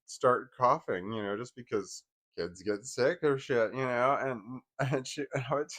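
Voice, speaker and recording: A man in his forties casually telling personal stories, wry and laughing at first, trailing off into bitter quiet. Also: medium pitch, a little slow. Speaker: vlogger.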